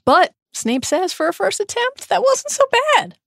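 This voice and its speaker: A woman's voice: extremely high pitch, very animated, normal speed, creaky, no room sound, clean studio sound. A woman co-hosting a podcast who reads passages from a novel aloud and then discusses them with earnest analysis. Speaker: podcast co-host.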